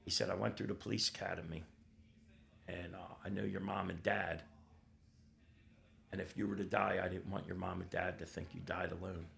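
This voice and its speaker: A gravelly older man speaks in a low register, his voice full of rough vocal fry. He tells his story as a podcast guest, blunt and raw, swears without a filter, and slips into the voices of the people he quotes. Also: little pitch movement, normal speed, long pauses, fairly bright tone. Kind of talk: candid personal storytelling.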